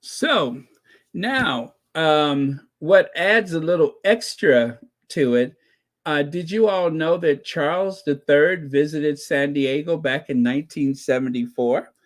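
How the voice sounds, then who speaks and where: A man hosting his own channel, giving excited casual commentary, gleeful and laughing, who repeats his points over and over. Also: medium pitch. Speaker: channel host reacting to royal news.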